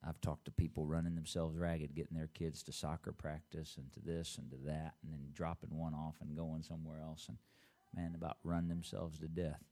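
Deep-voiced man preaching to a congregation. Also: little pitch movement, dark tone. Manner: preaching with call-and-response to the congregation; reads scripture aloud in a slow, drawn-out voice. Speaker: pastor. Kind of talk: church announcements and sermon.

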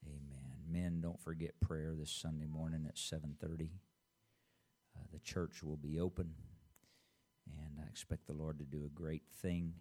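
A man, the pastor, giving church announcements and then preaching a sermon, leading call-and-response and reading scripture aloud slowly. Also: very deep voice, level tone, dark tone. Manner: reads scripture aloud in a slow, drawn-out voice.

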